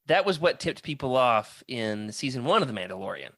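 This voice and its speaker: A man's voice: medium pitch, big pitch swings, brisk, a bit bright, no room sound. A man hosting a podcast in casual chat, playful and teasing, steering the talk to the next topic. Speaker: podcast host.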